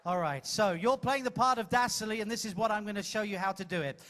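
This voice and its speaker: A cruise ship entertainer hosts a comic audience-participation show on the ship's stage, speaking into a handheld mic. He is teasing, theatrical and self-mocking, talking fast in a high, slightly bright voice.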